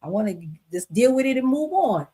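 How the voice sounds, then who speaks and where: A middle-aged woman podcast host, talking casually, animated and laughing often as she reads stories aloud. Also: high voice, fairly quick. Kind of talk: casual solo commentary. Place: home desk with two computer screens.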